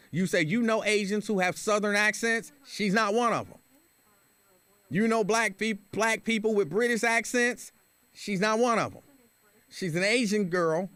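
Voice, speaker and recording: High, lively-voiced male radio host. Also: dry recording. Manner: emphatic, argumentative, repeats his points. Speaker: radio talk show host. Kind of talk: opinionated talk radio monologue. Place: radio studio. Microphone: studio microphone.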